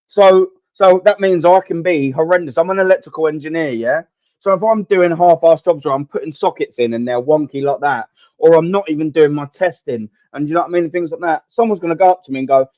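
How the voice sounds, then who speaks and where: Young bloke, slightly high voice, fed-up sweary football rant to live chat; dry, muffled home mic. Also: male voice, a little fast, darkish tone, dry recording. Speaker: football watchalong host. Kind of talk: live match watchalong commentary and rant.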